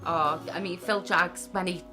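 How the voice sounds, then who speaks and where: A woman interviewed for the news, emotional and halting as she speaks about her son. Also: on the low side, steady tone. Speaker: interviewed mother. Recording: TV news clip with music.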